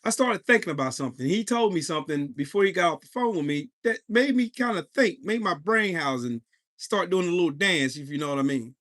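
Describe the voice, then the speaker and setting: A man's voice: sits high, animated, a little fast, a bit bright. A man in his forties hosting a live podcast, telling a heated, profane story and talking to his chat. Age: 40s. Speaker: podcast host.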